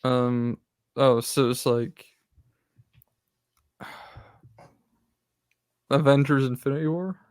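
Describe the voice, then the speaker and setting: A man's voice: mid-range voice, fairly even intonation, slow, pauses often, clean tone, no room sound, clean studio sound. A man co-hosting a casual film podcast, thinking aloud hesitantly as he guesses films. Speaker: podcast co-host. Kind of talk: casual chat.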